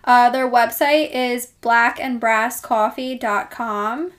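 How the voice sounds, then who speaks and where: A woman's voice: fairly high pitch, steady tone, slow pace, a bit bright. A young woman with a New Jersey accent co-hosting a casual podcast, upbeat and giggly. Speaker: podcast co-host. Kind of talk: casual chat.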